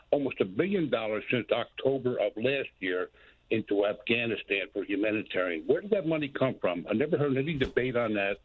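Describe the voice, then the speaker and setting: A man's voice: mid-range voice, slightly rough. Male caller, argumentative, tinny phone sound. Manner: challenging, argumentative.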